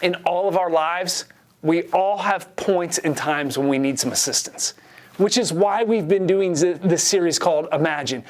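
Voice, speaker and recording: A man in his forties preaching a sermon, telling a self-deprecating story in an animated way. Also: sits high, moderate pace. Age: 40s. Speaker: pastor.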